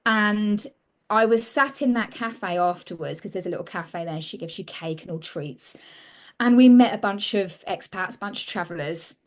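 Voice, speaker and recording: A woman's voice: medium pitch, normal speed. A woman, a mentor being interviewed, telling her story in an earnest, reflective way and often restarting mid-sentence. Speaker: women's mentor, interview guest.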